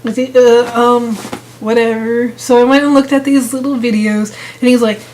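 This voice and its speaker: A young woman with a fairly high voice rants into her vlog, sarcastic and exasperated. She rambles and restarts her sentences, casual and unscripted. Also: level tone, moderate pace, a little mellow, slight background noise, low-quality recording. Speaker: gaming vlogger.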